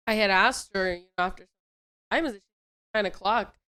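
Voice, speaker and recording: Woman telling a rambling story, very clear voice. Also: mid-range voice, moderate pace, bright, forceful tone. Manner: rambling, repeats herself. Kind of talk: casual storytelling.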